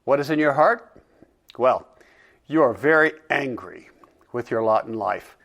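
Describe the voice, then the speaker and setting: Man reading a solemn, measured divine judge. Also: medium pitch, animated, vocal fry, fairly bright tone, muffled recording, voice pushed down, full character voice. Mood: probing. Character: calm, direct divine judge. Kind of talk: dramatic reading of a dialogue.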